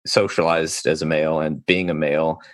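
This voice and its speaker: A man's voice: rumbling low, little pitch movement, fairly quick, no echo, clean studio sound. A male therapist hosting a podcast interview, talking in a thoughtful, rambling way with many fillers and restarts. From United States.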